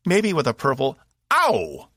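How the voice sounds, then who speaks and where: A man's voice: on the high side, wildly swooping pitch, measured pace, creaky, sharp tone, no room sound, clean studio sound, voice pushed up, exaggerated voice. A man doing a cheeky Cockney robot. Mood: indignant. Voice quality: put-on Cockney voice. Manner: boastful, teasing, joking. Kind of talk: audiobook narration.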